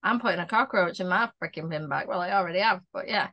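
A woman's voice: fairly low pitch, quick pace, dull audio, noisy background. A woman co-hosting a podcast in casual chat, jokey and laughing often. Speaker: podcast co-host.

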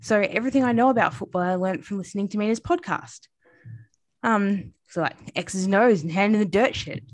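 A woman's voice: medium pitch, fairly quick, darkish tone. A woman co-hosting a podcast in casual chat, chatty with frequent fillers and laughs. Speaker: podcast co-host.

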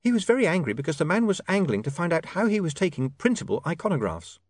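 A prim, snappish young woman reporter, as a male reader puts her on speaks in a raised, proper voice far above the reader's own. The storybook reading is dry and close, with a pitch that swings up and down. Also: sing-song, quick pace, dry recording. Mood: disapproving. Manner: primly snappish.

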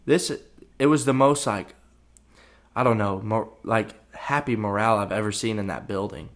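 A young college football player talks through a story on his own podcast. His voice sits a little low, and his delivery is loose and conversational. He leans on "you know" and "uh" as he goes. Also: moderate pace. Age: young adult. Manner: relaxed, rambling, full of "you know" and "uh" fillers. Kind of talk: casual storytelling.

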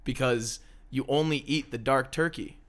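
Young male co-host, mid-range voice; relaxed, slangy banter. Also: mid-range voice, moderate pace. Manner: laid-back, slangy, swears casually. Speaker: podcast co-host. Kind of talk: casual chat.

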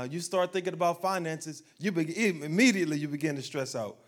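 Conversational preacher with a lively delivery. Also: male voice, on the high side, fairly quick, few pauses. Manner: conversational preacher, asking the crowd questions and acting out everyday voices. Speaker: pastor. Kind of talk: sermon.

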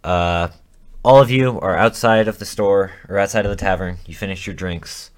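A man with a fairly low voice runs a tabletop game for his friends. He narrates casually, stopping and restarting mid-sentence as he builds the scene. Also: steady tone, moderate pace. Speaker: game master.

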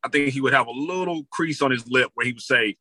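A man in a casual discussion, reflective and halting, often repeating himself as he works out his point. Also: mid-range voice, pushed and bright, no echo, low-quality recording. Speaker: panelist.

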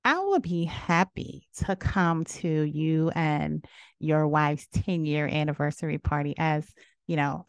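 A woman's voice: a little mellow, no echo, studio quality. Sassy outspoken woman podcast host. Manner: sassy, outspoken, preachy asides; big swings between low murmurs and high exclamations. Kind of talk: casual opinion commentary.

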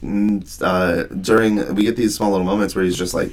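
Deep-voiced guy rambling through a book recap, super low voice, laid back. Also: moderate pace, gravelly, hardly any pauses. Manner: relaxed, rambling retelling with filler words. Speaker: podcast co-host. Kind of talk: casual book discussion.

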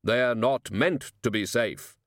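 A man voicing Death standing in as a gift-giver, speaking slowly and solemnly. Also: medium pitch, dry recording, clean studio sound, close to an everyday voice. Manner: slow, measured, solemn. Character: Death as a grave, slow male gift-giver.

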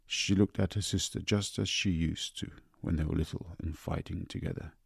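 A man reading a story aloud in a measured, deliberate way. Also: deep voice, steady tone, vocal fry, husky, dry recording, studio quality. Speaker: narrator. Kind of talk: audiobook narration.

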